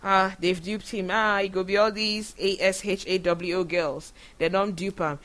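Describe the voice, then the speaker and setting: A woman's voice: medium pitch, fairly even intonation, normal speed, fairly bright tone, lightly acted. A woman doing a pushy Nigerian Pidgin street hustler. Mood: urging. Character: shady young male street hustler urging in pidgin.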